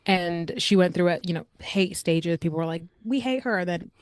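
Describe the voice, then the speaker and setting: A young adult woman co-hosting a podcast, reviewing a film in casual, animated chat full of filler words. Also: on the low side, normal speed, smooth, no echo, studio quality. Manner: chatty, animated, frequent "like" fillers. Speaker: podcast co-host.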